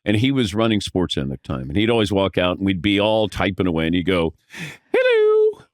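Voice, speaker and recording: A man telling animated anecdotes as a podcast guest, acting out the voices of the people in his stories. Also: sits low, fast, dry recording, studio quality. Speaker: podcast guest, veteran sportscaster. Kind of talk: casual storytelling.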